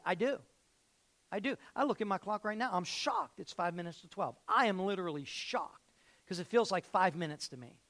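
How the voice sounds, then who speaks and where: A man preaching a sermon as pastor, telling stories and repeating phrases, swinging between loud and hushed. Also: high voice, lively intonation, moderate pace.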